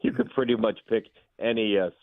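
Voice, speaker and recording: A man giving quick, animated opinions as a guest on a sports radio show. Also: fairly low pitch, no room sound. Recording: thin phone-line sound.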